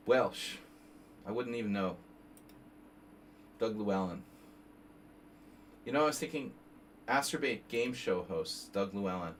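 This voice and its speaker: A man's voice: lowish voice, lively intonation, measured pace, long pauses. A man in his fifties streaming casual chess analysis, rambling off on tangents while he reads moves aloud. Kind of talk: casual live game analysis. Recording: slightly distant mic, faint background noise.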